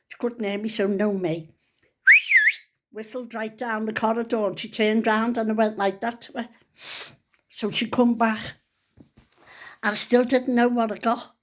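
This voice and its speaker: Speaking a little slowly in a voice on the high side, an older Liverpool vlogger shares a moving personal story on camera. Her delivery is warm and chatty, sprinkled with local dialect.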